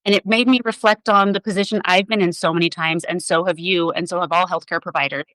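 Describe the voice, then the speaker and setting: A woman's voice: lowish voice, fairly even intonation, quick pace, fairly bright tone, no echo, rough recording. A woman physician assistant, a podcast guest, telling a personal story in an earnest, emotional way.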